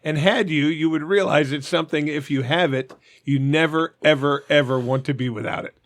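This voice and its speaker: A man in his forties co-hosts a crude comedy podcast and tells his stories bluntly, with plenty of swearing. His voice sits a bit high for a man. The recording is dry and close. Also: a little fast, no room sound. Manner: blunt, profane storytelling. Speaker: podcast co-host. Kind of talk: crude casual chat.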